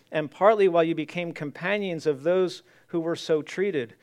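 Male pastor, sermon delivery, clear resonant tone, a little high. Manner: earnest, reads scripture aloud then repeats it.

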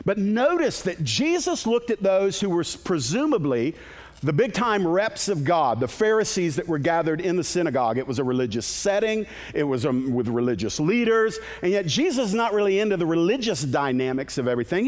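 A man's voice: high voice, very animated, fairly quick, big-room sound. A male pastor preaching a sermon in a conversational, emphatic way, with asides to the congregation.

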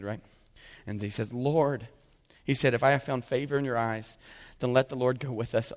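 A man preaching a sermon in an animated way, acting out the dialogue of the figures he talks about and often asking "right?" of his listeners. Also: medium pitch, moderate pace, creaky. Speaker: pastor. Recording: long hall reverb.

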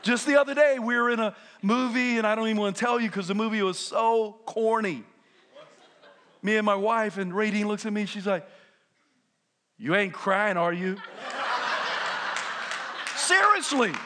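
A man in his fifties preaching a lively sermon as a pastor, telling stories and often shouting with laughter. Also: high-pitched, fairly quick. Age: 50s. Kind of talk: energetic sermon.

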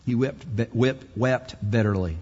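Slow, emphatic preacher in a hall. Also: male voice, a little mellow, husky. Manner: emphatic preaching with dramatic pitch swings and slow pauses. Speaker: pastor. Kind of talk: sermon. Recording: muffled hall recording.

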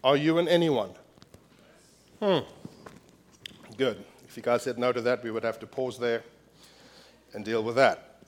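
A man's voice: mid-range voice, measured pace, pauses often. A man delivers a sermon from the pulpit of a church, speaking in an ordinary mid-range voice. His preaching is emphatic, building up through repeated phrases and rising in force when he reads scripture aloud. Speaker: pastor.

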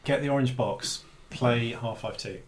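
A man's voice: mid-range voice, a little slow. A man co-hosting a casual podcast, teasing the others with dry banter. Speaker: podcast co-host. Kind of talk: casual chat.

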